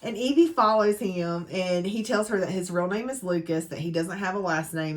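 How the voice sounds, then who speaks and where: A woman's voice: lowish voice, moderate pace, hardly any pauses. A woman gives a casual, chatty book recap full of dramatic asides. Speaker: book reviewer.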